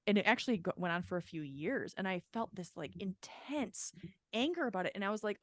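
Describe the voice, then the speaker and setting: Her mid-range voice is expressive and a little fast, captured in clean studio sound without echo. She's a podcast co-host chatting casually, rambling candidly, peppering everything with "like," and cursing often.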